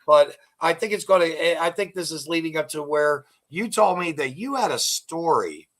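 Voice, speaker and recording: Older guy host, bit high voice, rambly jokey storyteller. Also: lively intonation, normal speed. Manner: rambling storyteller, acts out joke dialogue. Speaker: podcast host. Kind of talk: casual interview chat.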